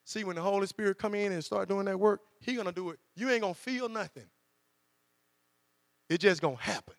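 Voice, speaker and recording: A man's voice: high voice, fairly quick. A man preaching a sermon, acting out quoted voices as he goes. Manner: conversational preaching with dramatized quotes. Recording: long hall reverb with mains hum.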